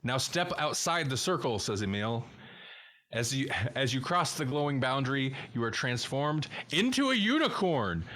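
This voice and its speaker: Man reading aloud haltingly. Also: medium pitch, very animated, bright, forceful tone. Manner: halting read-aloud with restarts. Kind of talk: reading a choose-your-own-adventure aloud.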